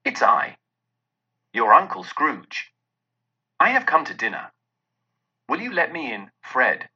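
Male reader voicing a jolly old miser reborn, effusive and bright-toned, slightly raised pitch, lo-fi. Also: wildly swooping pitch, slow, slightly rough, full character voice. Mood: cheery. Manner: eager, warmly effusive. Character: elderly male miser, newly joyful and generous. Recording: dull lo-fi recording.

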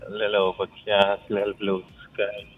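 A man's voice: on the low side, monotone, moderate pace, slightly rough. Man with a Guyanese accent on a phone line. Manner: blunt, rambling, creole-tinged phrasing. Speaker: caller. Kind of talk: casual call-in chat.

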